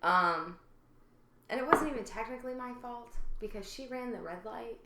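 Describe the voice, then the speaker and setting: Picture a woman co-hosting a casual podcast, her voice bright and forward. She tells stories in a chatty, easygoing way and laughs often. The room around her is roomy and echoey. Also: fairly high pitch, moderate pace, a little hiss or hum. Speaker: podcast co-host. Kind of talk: casual chat. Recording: roomy echo.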